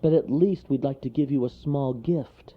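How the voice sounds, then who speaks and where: A man's voice: medium pitch, normal speed, voice pushed up, lightly acted. A man voicing a polite, grateful father squirrel in a storybook. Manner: polite, earnest. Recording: lo-fi recording.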